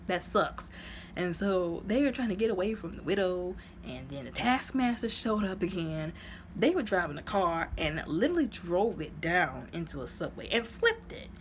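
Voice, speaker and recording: A woman with a lowish voice rambles her way through a movie recap, piling up "like" and "you know" as she goes. Her retelling is chatty and animated, and her voice suddenly leaps into high exclaiming tones. The faint noise behind her is barely noticeable. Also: normal speed. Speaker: movie reviewer.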